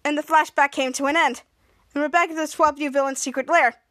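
Brief: high-voiced woman podcaster, rambling recap, dry close sound. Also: fairly even intonation, a little fast, a bit bright, no room sound. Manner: rambling with restarts. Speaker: podcast host. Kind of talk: episode recap narration.

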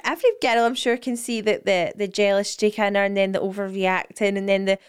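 A woman's voice: mid-range voice, flat delivery, brisk, clear, resonant tone. A woman co-hosting a podcast, blunt and opinionated, swearing freely in casual chat. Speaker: podcast co-host.

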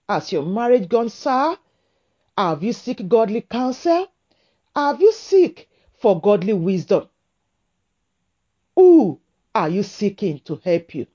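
A woman preaching a sermon to women, with a slow, emphatic, repetitive cadence. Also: medium pitch, dark tone, highs cut off.

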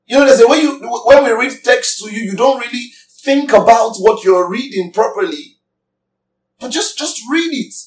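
A man's voice: very high-pitched, lively intonation, moderate pace. Guy preaching a sermon, keeps asking the crowd questions, echoey room, mic a bit far. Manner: emphatic preaching with rhetorical questions to the congregation. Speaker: pastor.

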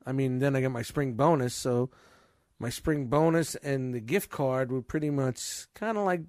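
A man's voice: medium pitch, normal speed, a little mellow, dry recording, studio quality. A man in casual chat, venting about his retail job with constant swearing.

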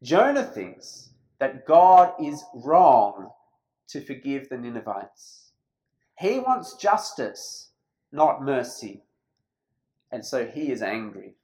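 A preacher delivering a sermon in a church, emphatic and slowing down on key phrases. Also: medium pitch, sing-song, a little mellow, poor audio.

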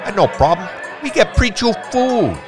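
A man's voice: high-pitched, very animated, normal speed, music in the background, a crowd in the background, pitched above the performer's own voice. A man voicing a pushy male food-truck vendor who speaks in clipped, broken English and bosses the customer around. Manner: clipped broken grammar, bossy insistence.

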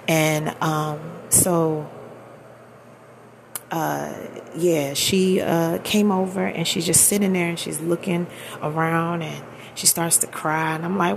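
A woman in her thirties speaks low, with a gravelly fry running through her words. She tells her own story candidly and emphatically, in loose everyday speech, with a faint hiss behind her. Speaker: vlogger. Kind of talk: personal storytelling.

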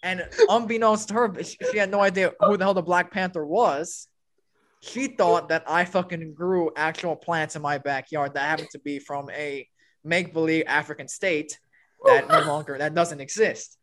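This young man, a podcast co-host chatting casually with old school friends, has a voice on the high side and speaks at a moderate pace, with slight background noise. He tells a story animatedly, cursing freely and impersonating other people's words.

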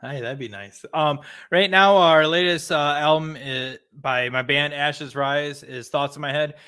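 A man's voice: fairly high pitch, unhurried, bright, forceful tone, smooth. A man appearing as a guest musician, chatting casually and easily with many fillers. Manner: easygoing, filler-heavy plugging. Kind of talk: casual chat.

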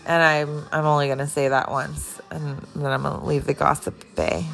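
Low-voiced woman chatting and swearing. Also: little pitch movement, normal speed, creaky, a bit bright, soft background music. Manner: rambling, profane, chatty. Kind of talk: casual chat.

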